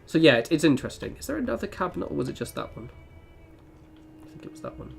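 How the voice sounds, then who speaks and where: A man's voice: fairly high pitch, sing-song, fast talker, gravelly, music in the background. A young man chatting casually while playing a game on stream, rambling with lots of fillers and self-deprecating asides. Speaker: gaming streamer.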